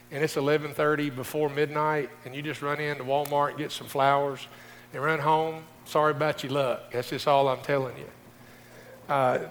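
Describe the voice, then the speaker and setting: Heard from a distance in an echoing hall with slight background noise, a middle-aged pastor delivers a folksy sermon straight to his congregation. His voice is a little high.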